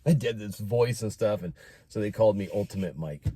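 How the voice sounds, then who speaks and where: A middle-aged American man telling a personal story in a casual monologue, animated and expressive. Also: fairly low pitch, fairly quick, breathy edge, dry recording. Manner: animated, breaks into announcer-style shouting when quoting.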